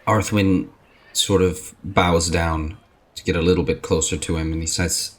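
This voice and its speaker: A man's voice: deep voice, level tone, measured pace. A man player in a tabletop game, describing his character's actions hesitantly. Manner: hesitant, with fillers.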